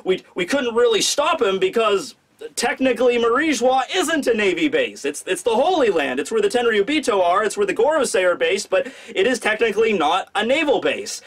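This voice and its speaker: A man's voice: high voice, sing-song, fairly quick, a bit bright, heavily acted. A man voicing a flustered male navy officer who reports nervously and apologetically to his boss.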